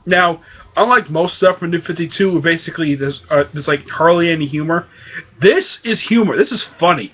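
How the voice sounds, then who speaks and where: A man's voice: on the high side, a little fast, slightly rough, dull audio. A man hosting his own comic book review show, talking casually and hesitantly with lots of fillers. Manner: rambling, hesitant with many fillers.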